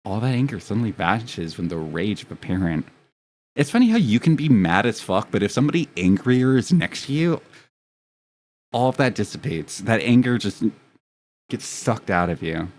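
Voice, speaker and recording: Young adult male streamer, casual and profane, rambling self-mocking chat, slightly low pitch. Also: lively intonation, normal speed, a little mellow.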